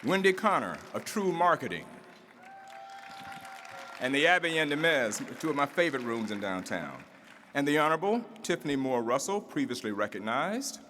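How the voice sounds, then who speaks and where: A man's voice: medium pitch, sing-song, brisk, fairly bright tone, a faint crowd, slight background noise. Man emceeing in a reverberant hall. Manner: rousing oratorical build-up, rhythmic repetition. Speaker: master of ceremonies at a civic address. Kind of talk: formal ceremonial introductions. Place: large event hall with audience. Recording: reverberant hall, faint room ambience.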